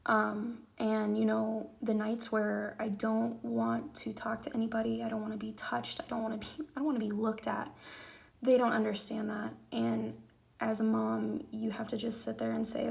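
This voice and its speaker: Gravelly-voiced young woman vlogging candidly. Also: fairly high pitch, level tone, a little slow, darkish tone. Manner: open, rambling, emotional talk with many fillers. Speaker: military spouse vlogger. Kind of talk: candid personal vlog. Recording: lo-fi audio with faint noise.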